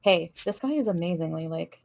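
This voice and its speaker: A woman's voice: lowish voice, expressive, a little fast, creaky, darkish tone. A woman from Canada gossiping on a livestream, chatty and giggly, cursing casually as she rambles.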